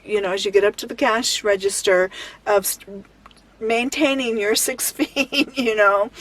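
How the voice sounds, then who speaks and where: A woman's voice: on the high side, fairly bright tone. A woman van life vlogger telling a story to camera in a chatty, rambling way, laughing lightly as she goes.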